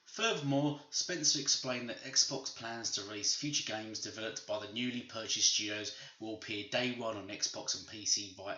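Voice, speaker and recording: A man's voice: on the low side, pushed and bright. A man hosting a gaming channel, ranting emphatically and repeating his points in opinionated commentary. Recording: roomy, slightly dull home recording.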